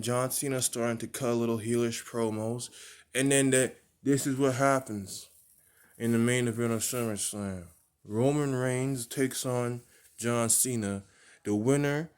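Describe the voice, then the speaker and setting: A man's voice: mid-range voice, clear, resonant tone. A man rambling through a wrestling storyline he invented, full of restarts and repeated words. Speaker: wrestling fan booking storylines. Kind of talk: rambling fantasy booking monologue.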